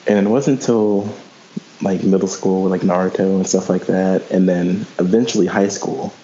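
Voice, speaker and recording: A man guest-hosts a casual podcast in a very low voice. He talks hesitantly, often restarting his sentences. The sound is dull and lo-fi. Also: fairly even intonation, moderate pace, dark tone, slight background noise. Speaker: guest co-host.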